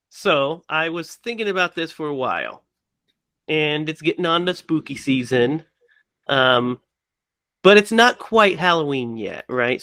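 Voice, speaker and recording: A man co-hosting a podcast in casual chat, playful and quick to laugh. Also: on the high side, dry recording, studio quality. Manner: laughs often, lively and playful. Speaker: podcast co-host.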